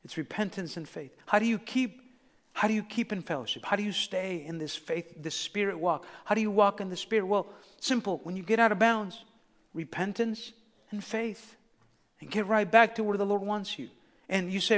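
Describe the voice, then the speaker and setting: A middle-aged man preaches a sermon in a church. His voice sits high and rings out with a long reverb from the hall. He swings from loud, rising exhortation down to quiet, hushed storytelling. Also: brisk. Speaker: pastor. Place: church sanctuary.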